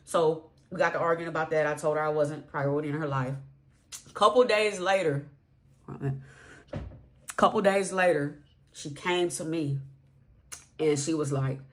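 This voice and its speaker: Low-voiced woman telling a story. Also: unhurried, long pauses, a bit bright. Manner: emphatic, repetitive, slangy. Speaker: vlogger. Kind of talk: storytime vlog, casual storytelling.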